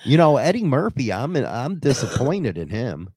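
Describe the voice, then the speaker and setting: A man's voice: medium pitch, very animated, moderate pace, a little mellow, husky, no echo. A man hosting a shock-jock radio show, brash and provocative, joking through banter with his co-host.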